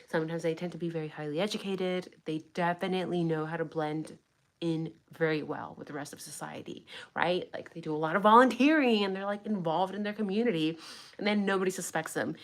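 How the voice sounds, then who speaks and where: Blunt, sarcastic woman streamer. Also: on the low side. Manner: blunt, sarcastic, swears freely. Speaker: true crime commentator. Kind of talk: casual livestream commentary.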